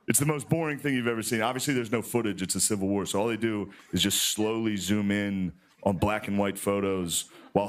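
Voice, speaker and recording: A man delivering a stand-up monologue as host of a sketch show, rambling and conversational, with sudden high exclamations. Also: fairly bright tone. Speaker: comedian hosting a sketch show.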